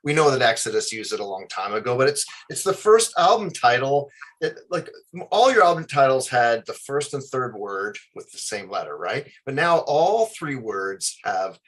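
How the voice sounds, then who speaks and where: Rambling male interviewer, mid-pitched. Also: big pitch swings, moderate pace, a bit bright. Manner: rambling, hesitant questions with restarts. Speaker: interviewer host. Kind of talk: casual interview questions.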